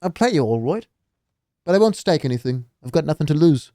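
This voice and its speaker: A man voicing a gruff, suspicious male dwarf in a fantasy game, speaking bluntly in a rough, grumbling voice. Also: on the high side, big pitch swings, brisk, dark tone, no echo, studio quality.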